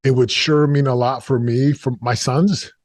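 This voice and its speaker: A man's voice: medium pitch, fairly even intonation, normal speed, a little mellow. A middle-aged man, a guest in an interview, telling a painful personal story in an earnest, confessional way, with bursts and repeated words.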